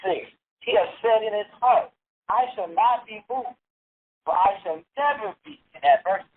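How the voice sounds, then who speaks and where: A participant reading Bible verses aloud slowly, stumbling over words at times. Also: mid-range voice. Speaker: scripture reader in a Bible study. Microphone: phone. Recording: phone-line radio call.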